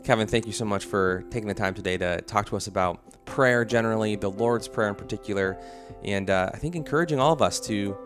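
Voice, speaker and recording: Low-voiced male podcast host over guitar music. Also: fairly quick, few pauses, a bit bright. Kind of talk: interview questions and scripted outro.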